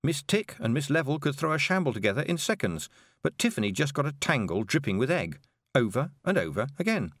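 A man narrating an audiobook in an expressive storytelling manner. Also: on the low side, a little fast, dry recording, studio quality.

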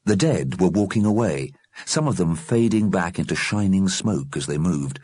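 A man's voice: deep voice, expressive, normal speed, darkish tone, slightly rough, no room sound, studio quality. A man narrating an audiobook expressively.

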